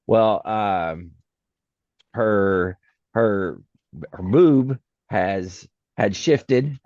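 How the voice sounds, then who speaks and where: A man's voice: on the low side, very slow, darkish tone, no echo. A middle-aged man, a podcast co-host in casual chat, who laughs often and pads his talk with "uh". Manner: laughs a lot, lots of uh fillers. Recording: dull lo-fi dry sound.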